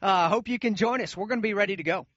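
Male race analyst, bright and forceful, emphatic folksy delivery. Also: high voice, quick pace, no room sound, lo-fi sound. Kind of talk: live radio sports commentary.

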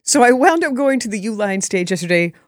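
A woman's voice: a little high, fairly quick, dry recording, studio quality. A woman reporter giving a chatty, enthusiastic recap on air. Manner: chatty and enthusiastic, lively quoted voices. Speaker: radio or TV reporter.

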